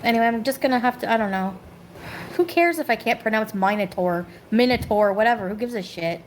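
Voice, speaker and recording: Woman, higher register, venting at home on a live stream; rambling, bitter, quick to snap at viewers; slight background noise. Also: lively intonation, low-quality recording. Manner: rambling, bitter, talks back to chat. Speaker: livestreamer. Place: home kitchen.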